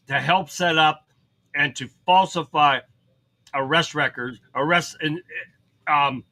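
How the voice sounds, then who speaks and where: A man's voice: high voice, sharp tone, rough recording. A man hosting a political livestream, reading headlines aloud and ranting about them in a blunt, profane way, answering viewers as he goes. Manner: reads headlines then comments, chats with viewers. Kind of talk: casual commentary reading headlines.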